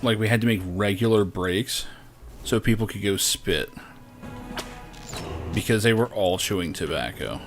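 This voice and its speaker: A man's voice: lowish voice, measured pace, long pauses. A young man giving casual, rambling commentary while playing a game, swearing and laughing often. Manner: rambling, profane, laughs a lot. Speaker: streamer. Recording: game music behind the voice.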